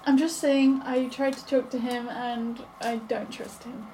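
A woman playing her character in a tabletop role-playing game, blunt and expressive, quick to challenge others. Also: fairly high pitch, background noise. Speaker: player.

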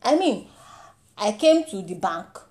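A young woman with a Nigerian accent delivering a comic monologue, mock-indignant and animated, mixing in pidgin and Yoruba phrases. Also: medium pitch, unhurried.

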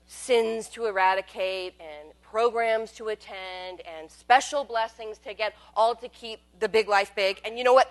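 A woman telling a personal story as a monologue, wry and candid, swinging between loud bursts and hushed asides. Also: mid-range voice.

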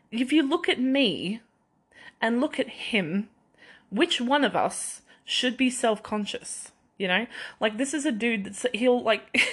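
A woman's voice: medium pitch, fairly bright tone. A young adult woman hosting a podcast on her own, rambling in casual chat and laughing at herself often. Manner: rambling, chatty, self-deprecating, laughs often. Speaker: podcast host.

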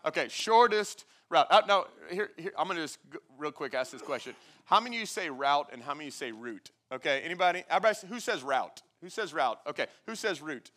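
Bright-voiced preacher man. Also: on the high side, lively intonation, fast. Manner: call-and-response preaching, swelling loud on key lines; playful asides to the congregation. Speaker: pastor. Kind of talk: sermon. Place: church sanctuary with congregation.

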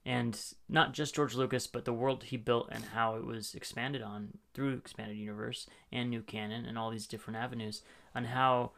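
A man's voice: medium pitch, steady tone, moderate pace, creaky, a bit bright. A man co-hosting a podcast, chatting casually and enthusiastically, joking and laughing easily. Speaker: podcast co-host. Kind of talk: casual fan podcast chat.

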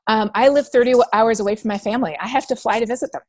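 Woman from Canada, interview guest, animated storyteller, dry close sound. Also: a little high, very fast, no room sound. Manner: animated storytelling, acts out quoted voices. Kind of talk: casual interview talk.

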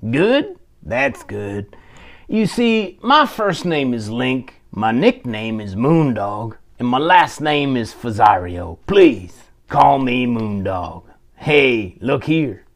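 Male kids' storyteller, playful, slow and sing-song with a bouncing pitch. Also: big pitch swings. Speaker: children's storyteller persona. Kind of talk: goofy kids' storytelling to a cactus.

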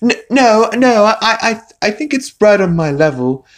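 A man putting on a high, nervous, prissy toddler voice while retelling a cartoon. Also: big pitch swings, normal speed, slightly rough.

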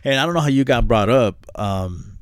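A man's voice: medium pitch, normal speed, no echo, clean studio sound. A man co-hosting a podcast, chatting casually and telling rambling, profane stories. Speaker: podcast co-host. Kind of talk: casual chat.

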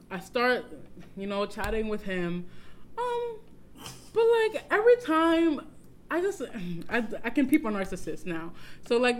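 A woman co-hosting a podcast, telling a dating story in casual chat, laughing often and acting out the quotes. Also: medium pitch. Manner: animated, laughs often, acts out quoted texts. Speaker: podcast co-host.

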